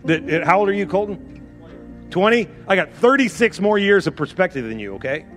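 A man's voice: high-pitched, expressive, moderate pace, a bit bright. A man in his fifties preaching a sermon, urging the congregation on with fervent, repetitive exhortations and direct asides to listeners, over faint music. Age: 50s. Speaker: pastor. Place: church sanctuary.

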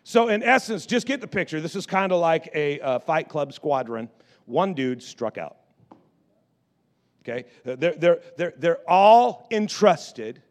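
Animated high-voiced male pastor. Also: a little slow. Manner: animated, repeats words and restarts often. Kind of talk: storytelling sermon.

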